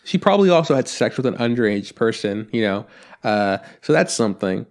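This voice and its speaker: A man's voice: lowish voice, big pitch swings, fairly quick. A man co-hosting a casual anime review podcast, rambling with lots of fillers. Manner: rambling, filler-heavy, acts out quotes. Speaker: podcast co-host.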